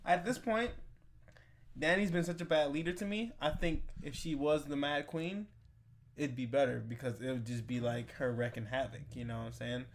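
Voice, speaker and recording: A man co-hosting a casual podcast, talking loosely and breaking into loud, laughing exclamations. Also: mid-range voice, fairly even intonation, normal speed, slight background noise. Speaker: podcast co-host. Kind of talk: casual chat.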